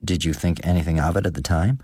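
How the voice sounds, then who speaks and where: A man's voice: low voice, fairly even intonation, fast talker, dark tone, breathy edge. Man voicing a nervous, probing village deacon. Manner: careful, probing questions. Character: nervous, thin-voiced old village deacon. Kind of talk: audiobook character reading.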